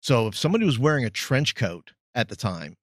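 A middle-aged man and former youth pastor, talking in a measured, thoughtful way and searching for words. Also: medium pitch, very animated, fairly bright tone, no room sound, clean studio sound. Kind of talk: reflective podcast chat.

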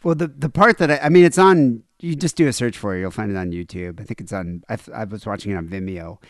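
A man's voice: fairly low pitch, quick pace, no room sound, clean studio sound. A middle-aged man co-hosting a comedy podcast, jokey and playful. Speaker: podcast co-host. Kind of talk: casual comedic chat.

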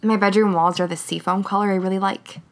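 A woman's voice: medium pitch, fairly even intonation, quick pace, lightly acted. A woman reading a wry young woman. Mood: tender. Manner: wry, confiding.

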